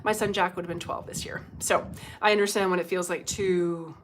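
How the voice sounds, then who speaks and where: A woman's voice: fairly low pitch, fairly even intonation, brisk, slight background noise. A middle-aged woman, a psychic medium, chatting casually on a livestream, laughing often and swearing bluntly.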